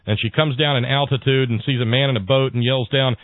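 A man's voice: mid-range voice, steady tone, no echo. A man with a mid-range voice hosts a political talk radio show. He halts and restarts, then eases into folksy jokes. His voice comes over a thin, phone-like line with a dry, close sound. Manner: halting, restarts, then folksy joke-telling.

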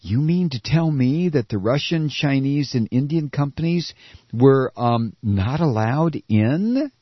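A man reads a news story aloud and breaks into sarcastic, mocking asides. His pitch sits a little high and leaps all over the place. The recording is dry and dull, with a lo-fi sound. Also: lively intonation, a little slow, no room sound. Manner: swings from shrill mock surprise to low muttering. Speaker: political commentary host. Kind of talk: sarcastic commentary reading a news article.

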